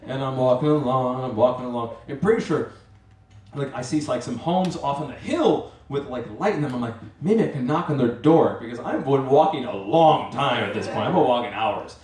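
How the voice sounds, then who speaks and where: A man's voice: mid-range voice, expressive, a little fast, a little mellow. A man telling a rambling, self-mocking comic story on stage at a live storytelling event, acting out his own asides. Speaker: storyteller and master of ceremonies. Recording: roomy live venue, mic from far off.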